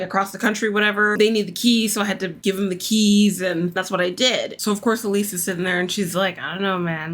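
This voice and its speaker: A woman's voice: mid-range voice, fairly bright tone. A woman hosting a casual reaction video, recapping a reality show in a chatty, exasperated way with lots of fillers.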